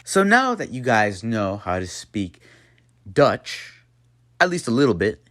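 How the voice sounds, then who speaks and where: A man's voice: on the low side, big pitch swings, measured pace, fairly bright tone, a little hiss or hum. A man hosting a jokey tutorial and talking to his viewers as if they were a class. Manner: playful, talks to viewers as a class. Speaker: channel host teaching a mock language lesson.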